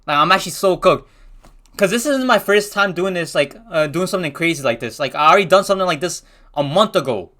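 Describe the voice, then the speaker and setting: A man's voice: high-pitched, expressive, fast talker, pushed and bright. A young man casually telling a rambling storytime, full of slang and restarts.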